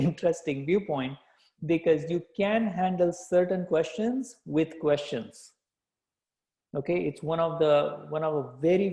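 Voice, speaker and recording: Teaching a live sales workshop, a man speaks in a warm, slightly high voice, echoing off the room. He keeps repeating key phrases and checking in with the audience with "okay?".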